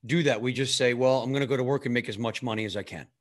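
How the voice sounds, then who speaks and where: A male podcast host talking in a relaxed, encouraging way, full of casual fillers as he draws out his guest. His voice sits at an ordinary middle pitch. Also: racing. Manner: warm, encouraging, lots of "man" and "you know".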